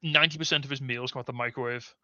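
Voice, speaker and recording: A man in a casual review chat, chiming in with quick wry remarks. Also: medium pitch, fairly even intonation, sharp tone, no room sound, muffled recording.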